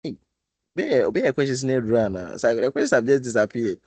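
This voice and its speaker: Halting man teaching an online class. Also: medium pitch, big pitch swings, darkish tone, husky, no echo, rough recording. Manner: halting, repeats words, coaxing and teasing students. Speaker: programming instructor. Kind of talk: live online class lecture.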